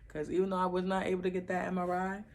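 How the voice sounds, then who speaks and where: A young woman vlogging to her camera at home, casually telling her labor story with animated, slangy asides to viewers. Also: on the low side, fast talker, background noise.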